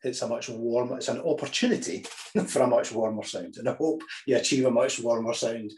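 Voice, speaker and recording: A man teaching healthy, lively choral singing, talking through the ideas and breaking into sung examples with frequent restarts. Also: medium pitch, a little fast, slight background noise. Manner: demonstrates phrases by singing, restarts often.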